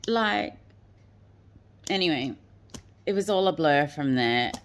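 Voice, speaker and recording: A woman's voice: low voice, expressive, slow pace. A woman telling a personal story in a rambling way, with many fillers, often quoting what others said. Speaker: guest telling her story.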